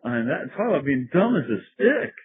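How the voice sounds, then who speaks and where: A man's voice: mid-range voice, big pitch swings, normal speed. A man, a priest, giving a wry, storytelling lecture and laughing at his own anecdotes. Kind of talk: sermon-like lecture. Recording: tinny phone-like lo-fi recording.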